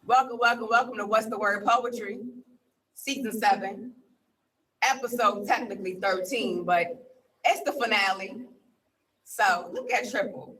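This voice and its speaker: A man's voice: high voice, steady tone, a little slow, pauses often, bright, forceful tone. A man reciting spoken word poetry and then hosting a poetry livestream with playful, slangy, welcoming banter. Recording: distant from the mic, faint background noise.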